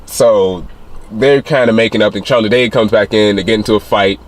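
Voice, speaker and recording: Man, film reviewer, casual rambling recap, lots of fillers, lowish voice. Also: a little fast. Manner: rambling retelling with many fillers, acting out quotes in a higher voice.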